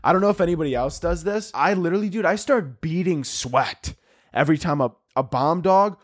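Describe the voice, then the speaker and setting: A man hosting a comedy podcast, his voice sitting a little higher than most. He tells profane, self-mocking stories and keeps restarting his sentences. He bursts into high, excited yells of mock panic, in a close, dry recording. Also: a little fast, no echo. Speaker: podcast host.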